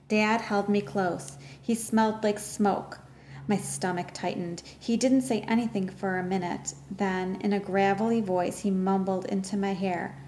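Woman, audiobook narrator, first-person novel, measured, earnest, faint background hiss. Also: mid-range voice, fairly even intonation, darkish tone.

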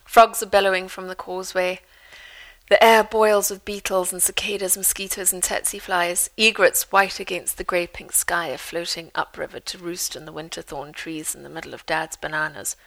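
Brief: author reading her own memoir, lower-pitched woman, lively storyteller. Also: moderate pace, vocal fry, low-quality recording. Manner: lively storyteller, dry humor.

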